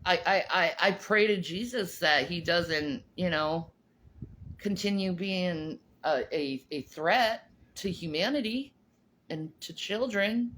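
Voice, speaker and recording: A woman's voice: fairly low pitch, takes it slowly, fairly bright tone. A woman from North Carolina co-hosting a podcast in casual chat, blunt and swearing freely. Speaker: podcast co-host.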